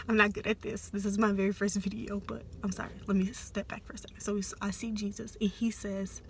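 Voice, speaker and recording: A young adult woman telling a personal story in a soft, hesitant, often half-whispered way, with many fillers. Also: medium pitch, little pitch movement, fairly quick, vocal fry, a little hiss or hum. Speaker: vlogger.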